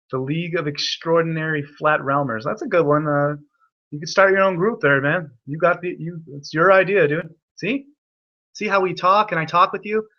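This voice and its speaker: A man's voice: fairly high pitch, pushed and bright, dull audio. A young man hosting an online hangout, telling a rambling, profane story full of restarts. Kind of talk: rambling casual chat.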